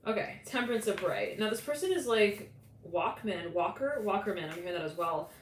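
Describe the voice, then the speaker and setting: A woman talks through a live psychic tarot reading, rambling and filling gaps with "like" as she acts out quick voices. Her voice sits at a middle pitch. The room is echoey, with a faint steady noise underneath. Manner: rambling, many "like" fillers, quotes imagined people, laughs often. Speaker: tarot reader.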